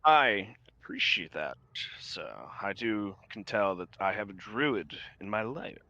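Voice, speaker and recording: A man's voice: lowish voice, expressive, unhurried, bright, forceful tone, highs cut off. A man voicing a stern, formal male lord who judges visitors to his lair in a tabletop game. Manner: formal and lofty.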